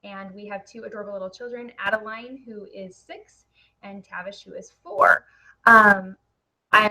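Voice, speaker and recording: A young woman talks into a headset microphone in a live webinar. She is excitable and chatty, with lots of fillers. Her voice sits a bit high for a woman. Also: rough recording. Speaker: network marketing presenter.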